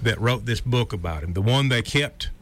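A man's voice: mid-range voice, animated, moderate pace, a bit bright, slight background noise. A man hosting a casual radio talk show, telling folksy anecdotes with plenty of fillers. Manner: storytelling, folksy, trails off with fillers.

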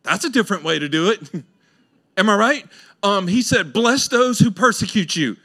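Middle-aged pastor preaching in church, high bright voice, goes big and loud then drops way down, casual talk, acts out folks. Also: male voice, normal speed. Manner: animated preaching, swinging from loud high exclamations to low quiet asides; colloquial, acts out listeners' voices, laughs often. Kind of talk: sermon. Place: church sanctuary.

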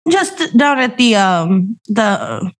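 Having just woken up, a woman co-hosts a casual podcast over a remote call, talking extremely slowly in a mid-range voice that is nonetheless very animated. She rambles, giggles and keeps losing her train of thought, all captured on a remote call recording.

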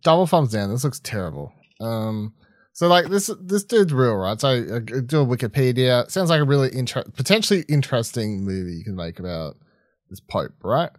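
A man's voice: mid-range voice, sing-song, normal speed, no room sound, clean studio sound. A man co-hosting a film podcast, talking bluntly and animatedly and swearing freely. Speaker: podcast co-host. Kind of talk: casual film chat.

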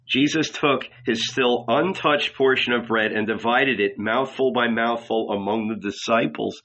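Slow, bright-voiced male audiobook narrator. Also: medium pitch, dull audio. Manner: measured, dramatic reading.

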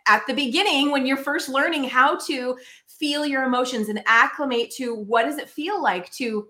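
A woman hosts the conversation in a reflective, searching manner, often restarting her sentences as she thinks. Her voice sits somewhat high. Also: moderate pace, bright, forceful tone. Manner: thoughtful, searching, many restarts. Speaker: podcast host. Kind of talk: reflective interview talk.

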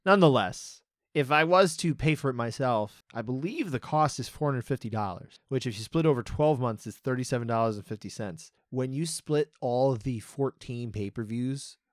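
A man co-hosting a podcast in casual chat, talking quickly with asides and easy laughs. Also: mid-range voice, no echo, clean studio sound. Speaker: podcast co-host.

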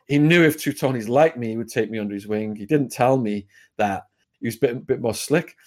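An English man, a guest in an interview, telling a story in a vivid, conversational way. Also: mid-range voice. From England. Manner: vivid retelling, brisk and conversational.

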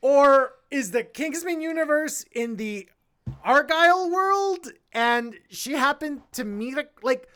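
A woman's voice: sits high, expressive, takes it slowly, fairly bright tone. A woman co-hosting a podcast, recapping a movie plot in casual, rambling chat and swearing freely. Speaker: podcast co-host.

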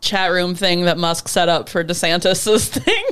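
A woman co-hosting a podcast in casual chat, chatty and quick to explain things. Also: on the low side, fairly even intonation, fairly bright tone, slight background noise. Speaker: podcast co-host.

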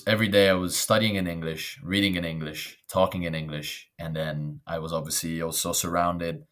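Deep-voiced Italian-born man telling stories. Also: a little fast. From northern Italy. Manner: storytelling, animated when quoting others. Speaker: guest. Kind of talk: casual interview conversation.

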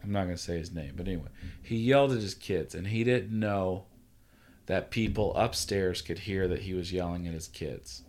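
Earnest, low-voiced podcast host. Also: male voice, moderate pace, darkish tone. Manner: earnest, reassuring, tells stories. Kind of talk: casual chat.

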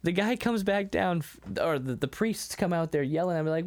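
A man's voice: fairly high pitch, expressive, a little fast, hardly any pauses. A man co-hosting a podcast in casual chat, who laughs often and acts out the lines of the people he talks about. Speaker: podcast co-host.

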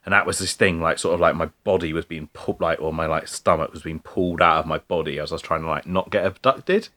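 A man with a very low voice tells a story in a relaxed chat. He rambles, restarts, and leans on "like" and "mate" throughout. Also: fast talker. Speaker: podcast co-host telling a story. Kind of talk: casual chat.

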